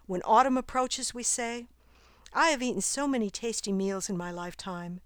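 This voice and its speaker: A woman voicing a wise, calm spider near the end of its life, speaking in a gently teasing, philosophical way in a storybook reading. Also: fairly high pitch, normal speed, clean tone, no room sound, studio quality, voice pushed up, natural voice. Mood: solemn. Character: wise calm female garden spider nearing death.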